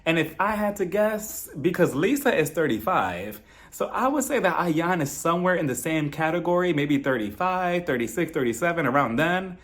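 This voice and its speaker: A man's voice: on the high side, expressive, normal speed, a bit bright. A man giving a casual, sarcastic recap of a reality show, chatty and laughing at his own jokes.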